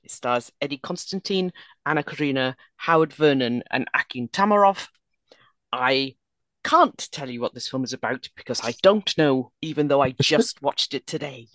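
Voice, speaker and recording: A woman co-hosting a casual film podcast, dry and understated as she introduces the film. Her voice sits low for a woman. The sound is close and dry. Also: animated, normal speed, fairly bright tone, no room sound. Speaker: podcast co-host.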